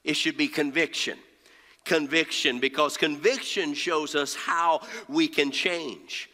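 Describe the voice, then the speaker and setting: A man delivers a sermon in a slow, deliberate cadence, breaking his phrases with frequent "uh" pauses and repeating lines for emphasis. His voice sits high and bright. The sound carries the long reverb of a church sanctuary. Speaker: pastor.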